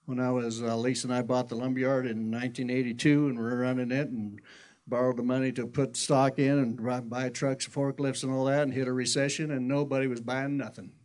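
A man's voice: mid-range voice, flat delivery, brisk, darkish tone. A middle-aged man preaching a sermon in a conversational, folksy storytelling way, often restarting his sentences. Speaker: pastor.

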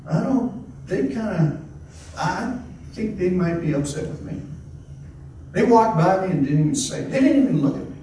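A man preaching a folksy, rambling sermon, his slightly high voice carrying from a distance. The sound is very echoey, with faint noise behind. He restarts often and talks like he's chatting with the congregation. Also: animated, moderate pace, pauses often, dark tone. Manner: conversational, repeats and restarts, folksy exclamations. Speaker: pastor.

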